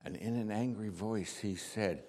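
In a lowish voice at a measured pace, a male actor voices the apostle Peter as an impulsive, sincere figure. The first-person monologue is heartfelt storytelling that swells into shouts, with a long reverb like a large hall.

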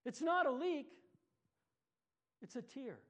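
A man's voice: very high-pitched, lively intonation, takes it slowly, heavily acted. A man reading aloud as the Lord, an eager, proud creator, in an earnest storybook manner.

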